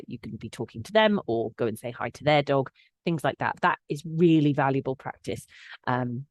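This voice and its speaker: A collie behaviour specialist hosts a dog-training podcast, her low voice recorded dry with no room sound. She teaches in a chatty, casual way, full of fillers and restarts, and gets lively when acting out quotes.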